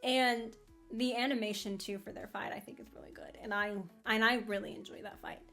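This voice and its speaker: A woman hosting a casual anime fan commentary, rambling in an animated way with frequent laughs and restarts. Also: on the high side, fairly quick, soft background music.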